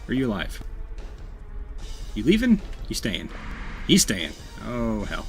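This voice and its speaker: A man hosting a let's play, commenting on the game with loud, profane reactions and self-mocking jokes. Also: on the low side, huge pitch swings, slow, pauses often, music in the background. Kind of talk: gameplay commentary.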